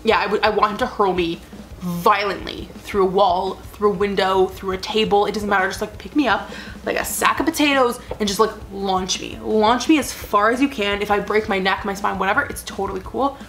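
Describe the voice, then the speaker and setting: Her voice mid-range, fairly quick and a bit bright, a young adult vlogger rambles in casual chat, earnest and emotional. She gushes and leans on "like" as a filler constantly.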